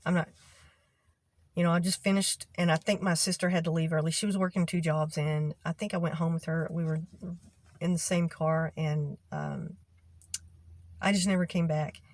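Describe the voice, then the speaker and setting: A woman's voice: low-pitched, moderate pace, pauses often, darkish tone. A middle-aged woman casually telling a story about a bad boss to her viewers, acting out what people said in an exasperated way. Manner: exasperated, acts out quoted voices. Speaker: vlogger telling a work story.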